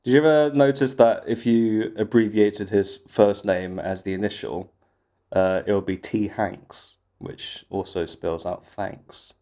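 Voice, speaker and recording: A man's voice: on the low side, steady tone, a little slow, dark tone. A man co-hosting a podcast in casual, teasing chat, often breaking into laughter. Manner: giggly, teasing, rambling. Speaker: podcast co-host.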